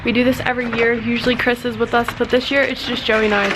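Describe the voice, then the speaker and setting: A woman's voice: a little high, level tone, fast talker, background noise. A woman chatting casually to her vlog camera, a chatty, rambling talker who leans on fillers, filmed on a handheld camera. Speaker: family vlogger.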